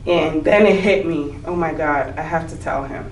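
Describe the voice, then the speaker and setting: A woman's voice: deep voice, moderate pace, far from the mic, a little hiss or hum. A woman in her thirties, an interview guest, candidly telling a hard personal story and laughing through it. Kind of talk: emotional personal testimony. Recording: echoey room, voice from off-mic.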